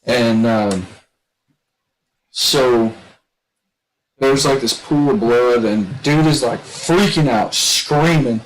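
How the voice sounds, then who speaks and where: A man telling a long story in casual chat. He rambles and restarts a lot, and shouts when he quotes other people. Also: mid-range voice, takes it slowly, long pauses, heavy background noise. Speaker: gaming streamer telling a story.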